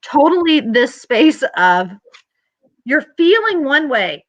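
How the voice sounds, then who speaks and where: A woman hosting an astrology show, chatting casually and telling animated stories with acted-out quotes. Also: high voice, slow pace, dry recording, dull audio. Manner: animated storytelling, acts out quotes in a rising voice.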